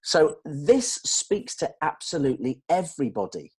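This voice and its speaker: A man explaining communication ideas to colleagues in an animated way, checking that they follow. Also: on the high side, measured pace, husky. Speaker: dental communication trainer. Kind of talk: explanatory discussion.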